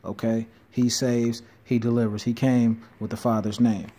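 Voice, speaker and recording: A man giving an informal bible teaching, reading verses slowly and then explaining them with quick asides and self-corrections. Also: mid-range voice, level tone, dark tone. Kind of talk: informal scripture teaching video.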